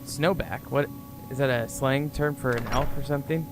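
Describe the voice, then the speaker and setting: A man giving relaxed, rambling commentary on a video game as he plays. His voice sits at an ordinary pitch, and he chats along with frequent fillers. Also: moderate pace. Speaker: let's player. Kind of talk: casual gameplay commentary. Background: game music.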